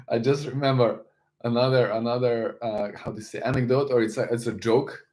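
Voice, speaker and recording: A man's voice: medium pitch, fairly even intonation, moderate pace, a little mellow. A man hosting a casual live stream, greeting viewers, reading the chat aloud and talking loosely with frequent restarts.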